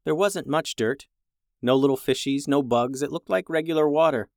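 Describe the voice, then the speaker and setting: A narrator reading a children's storybook aloud, lively, shifting voices for each character. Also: medium pitch, normal speed, no room sound, studio quality.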